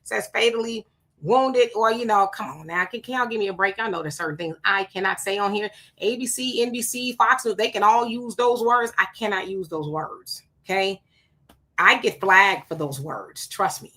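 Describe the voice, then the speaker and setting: A woman's voice: medium pitch, normal speed, pushed and bright. A woman hosting a casual livestream, greeting viewers by name and chatting about their comments with rhetorical questions and asides. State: sweating. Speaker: livestream host.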